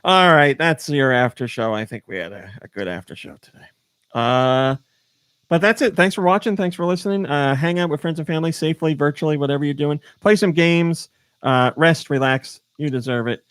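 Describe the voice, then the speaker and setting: A male podcast host in easygoing chat, telling stories with animated energy and frequent laughter. The recording is dry and close, with no room sound. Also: a little high, a little fast, clear, resonant tone, no room sound. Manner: animated storyteller, laughs often. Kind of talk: casual chat.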